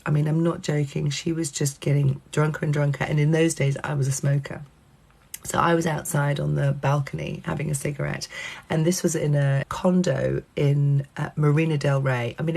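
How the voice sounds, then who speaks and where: A woman telling a casual personal anecdote, animated, with lots of fillers and free swearing. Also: sits low, creaky, breathy edge. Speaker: channel host telling a personal story.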